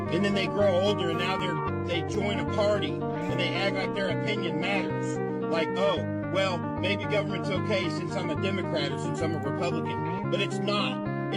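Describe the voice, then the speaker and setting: A man ranting cynically and profanely in a played clip. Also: high voice. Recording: loud music behind the voice.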